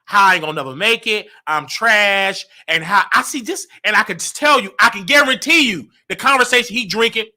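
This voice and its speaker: A man hosting a livestream show in an animated, boastful rant. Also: high-pitched, brisk, hardly any pauses. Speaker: show host.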